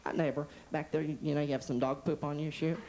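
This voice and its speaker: A man on a comedy stage impersonating a gentle, soft-spoken children's TV host, slow and singsong while he teases the audience. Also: on the high side, little pitch movement, close to an everyday voice. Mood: gentle teasing. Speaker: stand-up comedian. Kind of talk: stand-up impression. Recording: noisy 1980s TV comedy club recording.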